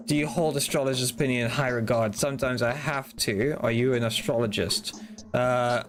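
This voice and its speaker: A man streaming a game, reading its dialogue aloud and rambling casually with jokes and swearing between lines. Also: medium pitch. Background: game music.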